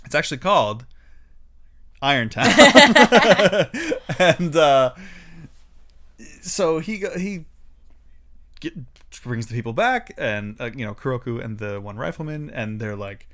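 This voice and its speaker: A man chatting on a livestream, his pitch swinging widely as he retells a story. He jumps into silly voices for the characters and laughs easily. His delivery is loose and casual, mid-pitched, with plenty of fillers. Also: takes it slowly, long pauses. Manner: animated storyteller, acts out lines in funny voices, laughs often. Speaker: co-host recapping a film.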